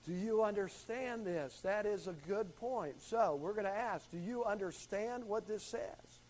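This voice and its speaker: A man's voice: high voice, a little slow, a little mellow, a little hiss or hum, poor audio. A man teaching a Bible study class, calling on students and stressing key words as he explains a verse. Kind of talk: classroom Bible lesson with questions.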